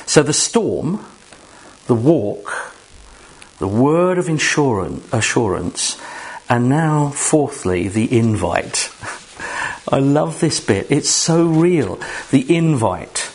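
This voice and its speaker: Slow, lively-pitched male preacher. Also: slightly rough. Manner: animated, emphatic preaching with rhetorical questions; jokes directly with the congregation. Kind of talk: sermon.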